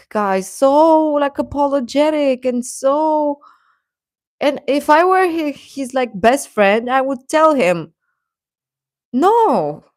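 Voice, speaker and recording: An outspoken woman talks casually on a live stream, laughing between her thoughts and swearing now and then as she answers viewers. She speaks at an unhurried pace in a middle register. Her voice is close and dry. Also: medium pitch, dry recording. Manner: animated, opinionated, swears, laughs between sentences; reads and answers viewer comments. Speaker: K-pop commentator streaming to viewers.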